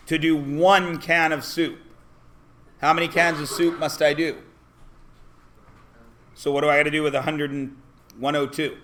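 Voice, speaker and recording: A man's voice: a little high, slow pace, pauses often, bright, forceful tone. A man teaching a math class, asking the students questions and often answering them himself. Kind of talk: classroom lesson.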